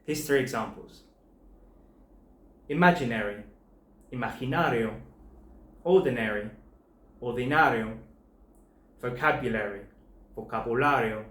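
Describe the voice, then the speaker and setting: A man teaching a language lesson, spelling out word endings letter by letter and pairing each word with its translation in a clear, measured way. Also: medium pitch, fairly bright tone, reverberant. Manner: clear, slow spelling-out of letters and paired words. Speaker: Spanish teacher.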